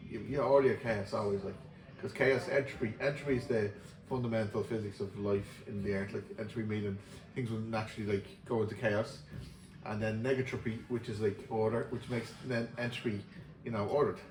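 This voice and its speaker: A middle-aged Irish man talks fast and animatedly, drifting into rambling tangents. He sits back from the mic in a roomy, echoing space. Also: fairly low pitch, fairly even intonation, distant mic, noisy background. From Ireland. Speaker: podcast co-host. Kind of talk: casual chat.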